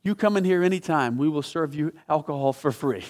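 A man preaching a sermon, telling a story with dramatic swings from loud emphatic peaks to hushed, low passages. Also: animated, fairly quick, hardly any pauses.

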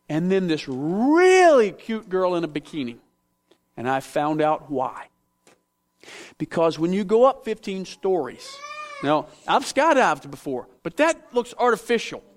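A middle-aged man preaching a sermon, telling stories with self-mocking humor. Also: high-pitched. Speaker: pastor.

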